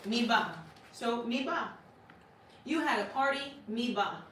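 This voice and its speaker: A woman's voice: fairly high pitch, expressive, slow, fairly bright tone, a little hiss or hum. Woman teaching a class in an echoey room. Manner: casual, laughs often, asks "right?" a lot. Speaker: language teacher. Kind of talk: classroom lesson. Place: classroom with a board. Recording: echoey room, recorded from far off.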